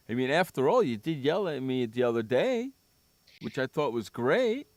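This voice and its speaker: A man's voice: mid-range voice, sing-song, unhurried, no echo. A man hosting a sports radio show in casual chat, teasing his co-host, joking and repeating himself. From San Diego.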